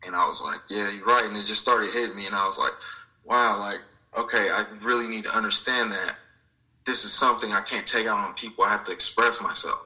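A man's voice: fairly low pitch, brisk, sharp tone, low-quality recording. A man sharing a personal spiritual story in an interview, reflective and acting out the voices of people he quotes. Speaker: guest.

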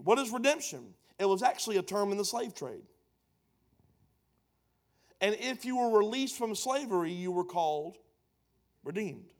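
High-voiced man preaching with emphatic swells. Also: big pitch swings, moderate pace, long pauses. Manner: emphatic, building to loud punchlines, playful asides. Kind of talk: sermon.

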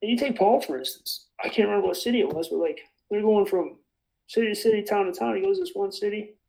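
A man with a high, gravelly voice talks in a rambling, emphatic way. He is passionate in a loose, casual discussion about faith. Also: fast talker, dark tone, poor audio. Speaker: bible study participant.

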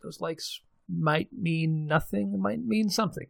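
With a slightly high, creaky voice and no echo, a man co-hosts a relaxed podcast conversation, speaking a little slowly. He wanders from point to point, teasing himself and chuckling a lot.

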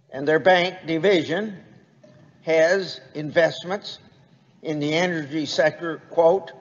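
A slow, deliberate man delivers a formal speech in a large chamber. His fairly high voice carries a long reverb, and the recording sounds dull and lo-fi. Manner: slow, deliberate, reading quotes aloud. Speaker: senator giving a speech.

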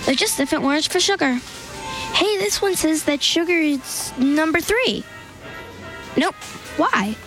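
A woman's voice: high voice, lively intonation, unhurried, long pauses, a bit bright, faint music behind, poor audio. A woman acting in a radio skit, chatty and playful.

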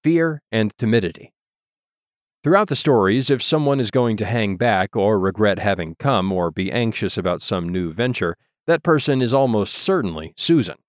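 A man narrating an audiobook in a measured, literary reading style. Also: on the low side, animated, no echo, clean studio sound. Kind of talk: scripted narration.

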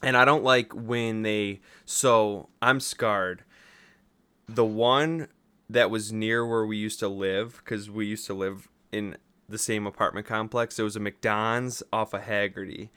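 Smooth-voiced man venting on a podcast. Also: lowish voice, fairly even intonation, a little slow, bright, forceful tone, no room sound. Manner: venting storyteller, swears freely. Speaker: podcast host. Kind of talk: casual chat.

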